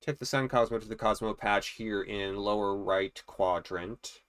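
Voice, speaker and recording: A let's play host chatting casually and joking while playing a life-sim game, thinking out loud. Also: low voice, steady tone, measured pace, soft background music. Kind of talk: casual gameplay commentary.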